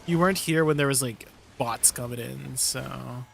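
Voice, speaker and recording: A man's voice: medium pitch, normal speed, gravelly, fairly bright tone, slight background noise. A man streaming live and chatting casually with his viewers, laid-back and laughing often. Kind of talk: casual livestream chat with viewers.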